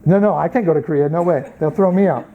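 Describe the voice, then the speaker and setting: A man's voice: fairly high pitch, quick pace, phone-quality sound. An American man teaching a Bible college class, lecturing through stories and acting out the people in them. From United States. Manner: storytelling, acts out quoted people.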